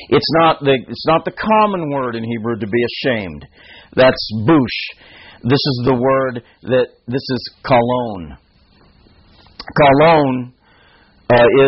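A man teaching a Bible text, emphatic and often restarting his sentences. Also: medium pitch. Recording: dull, muffled recording.

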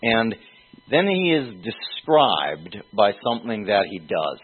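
A man preaching an expository sermon, teaching slowly and deliberately with pauses and fillers. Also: fairly low pitch, very animated, slightly rough. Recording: tinny phone-like sound.

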